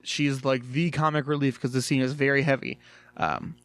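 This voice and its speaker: A man's voice: medium pitch, steady tone, normal speed, fairly bright tone, clean tone, no room sound. A man casually reviewing a cartoon episode, rambling with lots of fillers.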